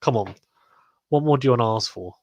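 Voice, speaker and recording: A man's voice: medium pitch, fairly quick, darkish tone, dry recording. A man with a British accent hosting a live watchalong stream, chatting casually and reading viewer comments aloud.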